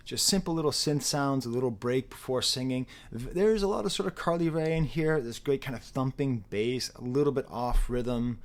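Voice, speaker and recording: A man giving a casual, rambling spoken album review, animated and prone to interrupting himself. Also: mid-range voice, normal speed, hardly any pauses. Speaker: music reviewer.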